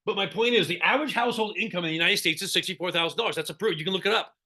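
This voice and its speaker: Man, high bright voice, animated sarcastic coach who quizzes his audience on a video call. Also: racing. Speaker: real estate coach. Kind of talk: live online seminar talk.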